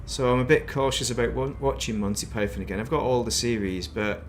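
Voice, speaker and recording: A man's voice: mid-range voice, brisk, slight background noise. Man rambling on a gaming stream. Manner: rambling and reminiscing, muttering to himself. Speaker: game streamer. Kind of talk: casual gaming stream chat.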